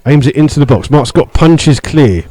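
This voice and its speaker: Brief: male radio football commentator, mellow tone, halting play-by-play full of fillers, gets worked up over referee calls. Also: breathy edge, no echo, low-quality recording. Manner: steady play-by-play with many fillers, rising in pitch when indignant. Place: stadium stand among fans.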